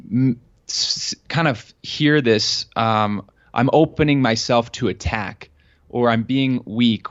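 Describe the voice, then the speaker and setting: On a podcast interview, a Colorado man with a medium-pitched voice earnestly recounts a personal story, animatedly performing each line of quoted dialogue. The sound is lo-fi.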